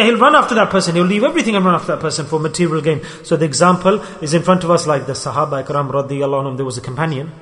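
High-voiced preacher man in an echoey hall. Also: fairly bright tone. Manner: storytelling, acts out dialogue, rising and falling delivery. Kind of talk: sermon. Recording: echoey hall with long reverb.

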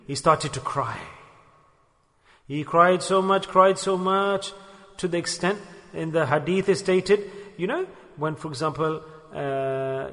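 A man preaching a sermon in a storytelling manner, acting out quoted speech with sudden swings in pitch and loudness. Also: long reverb tail.

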